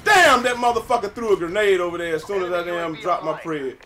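A young man giving casual, profane gameplay commentary with a friend, excitable and breaking into sudden yells. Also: high-pitched, brisk. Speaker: gamer playing with a friend. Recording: game gunfire and explosions loud behind voice.

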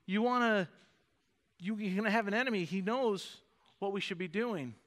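High, bright-voiced pastor preaching. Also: male voice, normal speed, long reverb tail. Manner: animated preaching, acts out voices of God and David. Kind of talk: sermon. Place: church sanctuary.

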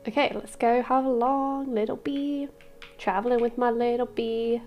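A woman hosting a casual let's-play, gushing and excitable, with squeals of delight and soft murmurs as she explores. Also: on the high side, moderate pace, lo-fi sound, faint music behind. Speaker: gaming channel host.

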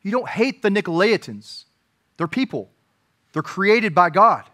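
A man preaching to his congregation in a fairly high voice. His delivery is earnest, building to emphatic, raised moments and then dropping to hushed, personal remarks. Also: very animated, measured pace. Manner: earnest preaching, rising to emphatic peaks and dropping to quiet asides. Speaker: pastor. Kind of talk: sermon.

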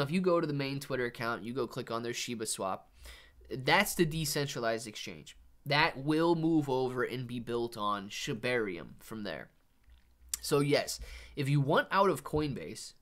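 A young man talks through charts on a live stream in a loose, casual way, tossing "man" and "you know" into his sentences. His voice sits at a middle pitch, and he sounds like he is chatting with regular viewers rather than giving a formal lesson. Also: fairly bright tone. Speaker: livestream host reading chat. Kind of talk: casual live market commentary.

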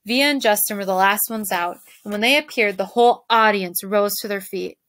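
Woman, teacher, reading a novel aloud, lively storyteller, mid-pitched, dry. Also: normal speed, no room sound. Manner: lively, shifts voices for characters.

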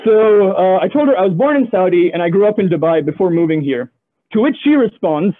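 A man's voice: high-pitched, brisk. A young man from the Gulf region doing a stand-up comedy set over a video call, telling stories with playful asides. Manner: animated storyteller, playful asides. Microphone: video call audio. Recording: tinny phone-like line.

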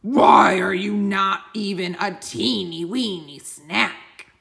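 A woman voicing a huge, hungry, grumpy male dragon in a storybook reading, roaring slowly and loudly. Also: mid-range voice, creaky, roomy sound, full character voice. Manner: roaring, slow and loud.

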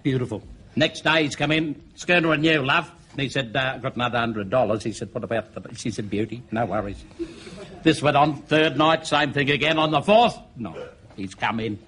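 A man's voice: mid-range voice, a bit bright, slight background noise. An Australian man telling a long joke, spinning it as a yarn full of broad slang. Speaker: comedian.

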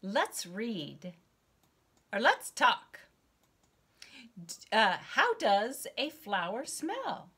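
A young woman teaches a child over a video call. She speaks slowly and warmly, and her bright, slightly breathy voice swings up and down in pitch to praise and encourage. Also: huge pitch swings. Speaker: online English teacher. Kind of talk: online lesson with a child.

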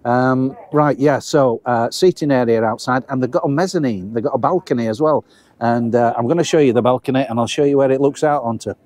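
A man's voice: medium pitch, brisk, darkish tone. A middle-aged man, chatting casually to viewers as his mates while reviewing a pub meal on camera. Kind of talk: casual food review vlog. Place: pub dining area.

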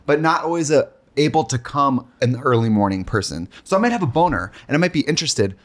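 A camp man chatting with a co-host, bawdy and quick with asides. His pitch swings widely as he talks, full of playful jabs. He sounds like a man in his thirties. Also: expressive. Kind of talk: casual comedic chat.

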